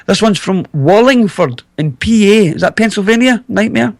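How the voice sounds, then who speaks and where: A man hosts a radio interview, reading out listener questions in a relaxed, conversational manner. His voice sits slightly high. The sound is close and dry. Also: normal speed, vocal fry, no room sound. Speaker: radio host.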